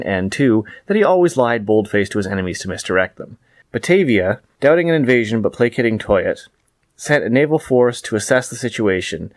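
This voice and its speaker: Male book reviewer, lower voice, dry close sound, measured wry read. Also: no echo.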